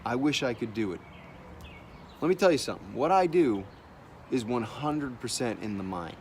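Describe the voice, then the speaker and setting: An artist talking in a blunt, animated monologue, swearing freely as he gives his opinions. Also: mid-range voice, moderate pace, slight background noise. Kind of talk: casual profane monologue.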